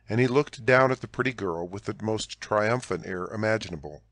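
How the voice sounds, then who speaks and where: A man narrating a classic novel as an audiobook in a measured storytelling delivery. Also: lowish voice, fairly bright tone, dry recording, studio quality.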